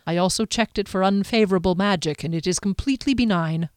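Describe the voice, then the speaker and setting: A woman's voice: mid-range voice, fast, dry recording, studio quality, lightly acted. A woman voicing a cheerful, curious male mage who talks pleasantly. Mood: eager. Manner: pleasant, chatty.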